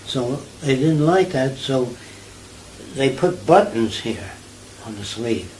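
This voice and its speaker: A man's voice: mid-range voice, slow pace, a little hiss or hum, poor audio. Older man. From New York. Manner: animated storyteller, asks listener if they follow. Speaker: interviewee. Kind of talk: conversational interview.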